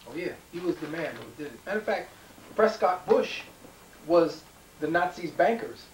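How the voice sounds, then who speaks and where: A man's voice: on the high side, lively intonation, normal speed. A man giving a rambling conspiracy talk, emphatic, with frequent ums and repeated words. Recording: echoey room, mic far off, faint noise.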